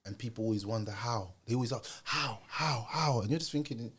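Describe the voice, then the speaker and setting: A man from England hosting a casual podcast, telling stories with energy and dropping low and soft for serious points. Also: very fast, breathy edge. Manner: lively storyteller, drops to a soft low voice for wise points.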